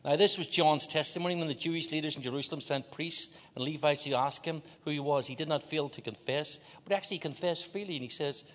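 A man's voice: fairly high pitch, fast, hardly any pauses, fairly bright tone. A man from Ireland preaching a sermon as a guest in a large church, joking with the crowd and leading call-and-response. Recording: long hall reverb.

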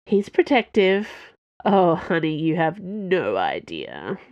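Woman reading a wry spacefaring woman, relaxed and knowing, slow and sighing, low-ish voice, dry close mic. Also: dry recording, highs cut off, full character voice. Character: warm, wry woman crewmate, protective friend.

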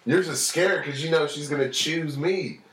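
A man hosting a podcast, teasing his friend loudly with constant swearing and casual trash talk. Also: on the high side, normal speed. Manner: brash, teasing, heavy swearing. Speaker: podcast host. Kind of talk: casual profane banter. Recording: echoey room, distant mic, faint noise.

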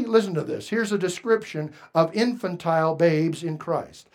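Pastor, male, high voice, earnest sermon delivery swinging from hushed to forceful. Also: moderate pace, vocal fry. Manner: swings between hushed confession and loud exhortation; earnest, plain-spoken preaching.

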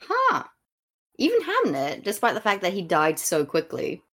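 A woman's voice: medium pitch, wildly swooping pitch, normal speed, a bit bright. Sweary sarcastic woman podcaster. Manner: sweary, sarcastic, mocks characters in silly voices. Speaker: podcast co-host. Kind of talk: casual podcast chat.

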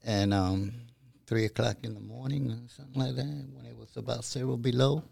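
A man's voice: medium pitch, steady tone, a little fast, creaky, a little mellow, breathy edge, dry recording. A man on a casual talk show telling a story about himself in a sheepish, brief way. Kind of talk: casual chat.

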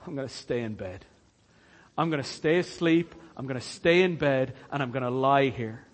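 Lazy bed-bound slacker, low and mumbly, whiny drawl, as a preacher puts him on. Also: male voice, lively intonation, moderate pace, in a large hall, lightly acted. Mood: groggy. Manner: drowsy, whining mumble. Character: lazy grown man sprawled in bed, whiny and sluggish.

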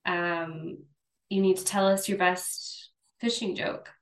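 A woman hosting a podcast, talking in an upbeat, lively way. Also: lowish voice, slow pace. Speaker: podcast host. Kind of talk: casual interview chat. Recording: echoey room with faint music.

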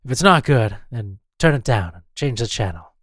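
Rambling Australian radio host. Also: male voice, medium pitch, expressive, normal speed, fairly bright tone, no echo, clean studio sound. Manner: rambling, self-mocking, stumbles over names. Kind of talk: casual radio banter.

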